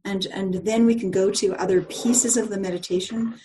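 A woman's voice: medium pitch, fairly even intonation, normal speed, background noise. A woman leading a live group call, teaching a meditation in a chatty storytelling way, with many fillers and restarts.

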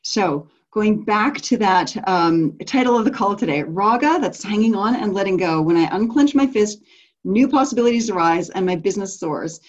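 A woman's voice: mid-range voice, animated, moderate pace, highs cut off. A woman leading a business coaching group call, enthusiastic and affirming, laughing often as she talks.

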